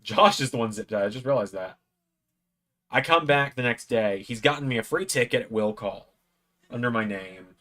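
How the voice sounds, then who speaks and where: A man in a home room, spinning a loose, rambling story for his watch-along viewers. His voice sits at an ordinary middle pitch. He jumps up higher whenever he acts out what other people said. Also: normal speed, sharp tone. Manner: rambling anecdote, acts out quoted lines in a raised voice. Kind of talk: casual storytelling.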